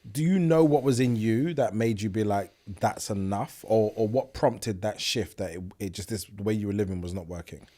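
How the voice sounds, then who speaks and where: A man's voice: lowish voice, moderate pace, few pauses, warm tone. A man hosting an interview, encouraging and affirming. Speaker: podcast host. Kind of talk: conversational interview.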